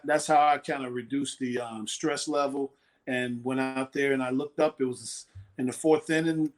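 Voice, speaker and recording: A man in his sixties, a former ballplayer, telling stories in a casual interview and acting out the voices of people he quotes. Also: medium pitch. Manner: animated storyteller, acts out quoted voices. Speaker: former pitcher, guest.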